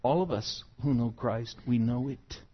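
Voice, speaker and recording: A pastor preaching an expository sermon, moving from quiet teaching to loud, emphatic passages. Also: male voice, mid-range voice, measured pace, husky, dull audio.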